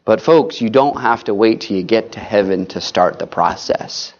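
Earnest preacher, dull lo-fi sound. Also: male voice, lowish voice, normal speed. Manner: earnest, pleading, addresses listeners as folks. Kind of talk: sermon.

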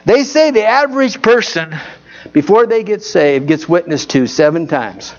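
A man's voice: high voice, lively intonation, normal speed, dull audio, soft background music. A man preaching a folksy Baptist sermon, telling stories and repeatedly asking his congregation for an amen.

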